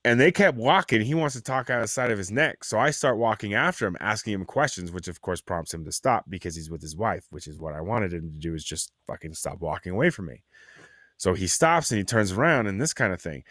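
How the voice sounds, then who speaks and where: A man's voice: fairly low pitch, a little fast, no echo, clean studio sound. A man hosting a podcast, chatting casually, telling stories with lots of swearing and mocking voices. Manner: animated storyteller, mocking voices, swears a lot. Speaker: podcast host. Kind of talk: casual profane chat.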